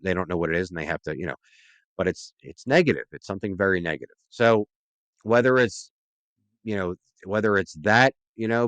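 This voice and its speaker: A man's voice: fairly low pitch, a bit bright, dry recording. A man, a podcast guest, talking earnestly and at length in a casual interview, often checking in with "right?".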